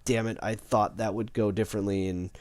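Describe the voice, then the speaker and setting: A man doing a low, grumbling soldier. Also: fairly even intonation, brisk, darkish tone, no room sound, lightly acted. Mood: sheepish. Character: gruff male soldier, sheepish after a blunder.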